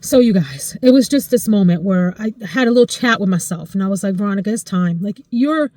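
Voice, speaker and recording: A woman in her forties chatting casually to camera about her life, expressive and emotional, her voice jumping high when she gets excited. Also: fairly quick, dry recording, studio quality. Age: 40s. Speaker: vlogger.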